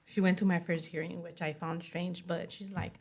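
A young woman speaking as an interview guest, giving a personal testimony in a soft voice full of "you know" and "like". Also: fairly low pitch, little pitch movement, normal speed. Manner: soft-spoken, many fillers like "you know" and "like".

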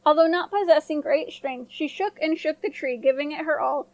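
A woman storyteller reading a fairy tale in a gentle, clear voice that sits high. The sound is close and dry, with no room around it. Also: normal speed, no room sound, low-quality recording. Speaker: storyteller, podcast host. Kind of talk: scripted storybook narration.

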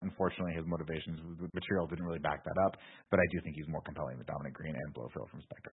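A man's voice: rumbling low, steady tone, rapid-fire, slightly rough. A man co-hosting a podcast in casual chat, recapping at length with lots of fillers. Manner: rambling recaps with many fillers. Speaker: podcast co-host. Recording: tinny phone-like audio.

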